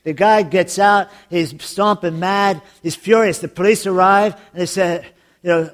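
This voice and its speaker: A man preaching a sermon as pastor, telling jokes and stories in an animated way. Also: sits high, moderate pace. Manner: joking, animated storytelling with laughs.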